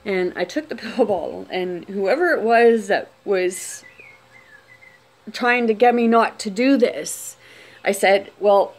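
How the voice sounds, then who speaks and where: On camera, a woman tells a personal story unscripted, speaking quietly with many restarts and trailing phrases. Her voice is mid-range and slow.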